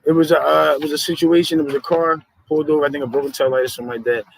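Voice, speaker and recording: A man hosting a casual podcast chat, telling stories in animated streetwise slang. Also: fairly high pitch, rapid-fire, creaky, breathy edge, rough recording. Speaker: podcast host.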